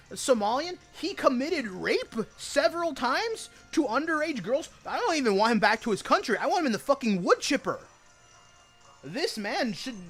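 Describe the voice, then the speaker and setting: High-voiced man ranting heatedly. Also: a bit bright. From United States. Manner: heated, swearing, repetitive fillers. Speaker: streamer. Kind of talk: casual rant while gaming.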